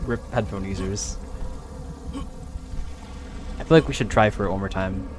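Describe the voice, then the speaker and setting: A man casually commenting while he plays a game on a close desk mic, jumping to high yelps when startled. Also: moderate pace, long pauses. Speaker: gaming streamer. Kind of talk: casual let's-play commentary. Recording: game music underneath.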